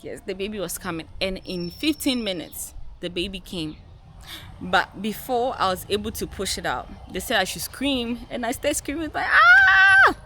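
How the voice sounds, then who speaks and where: A woman's voice: medium pitch, animated, moderate pace, fairly bright tone. A woman vlogger telling a personal story to her viewers in an emphatic way, repeating key words and calling them guys.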